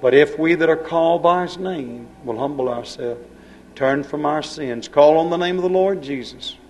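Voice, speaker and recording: A man's voice: on the high side, normal speed, faint music behind, poor audio. A middle-aged man preaching a sermon in a folksy, emphatic style. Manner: folksy, emphatic, rural vernacular grammar.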